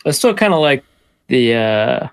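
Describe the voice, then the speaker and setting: A man's voice: medium pitch, big pitch swings, a little slow, smooth, dry recording, clean studio sound. A man co-hosting a podcast in casual, playful banter, laughing often. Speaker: podcast co-host. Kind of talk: casual comedic chat.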